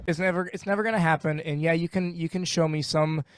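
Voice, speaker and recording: A man ranting emphatically in a casual podcast chat, animated and swearing. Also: on the high side, quick pace, a little hiss or hum. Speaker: podcast guest.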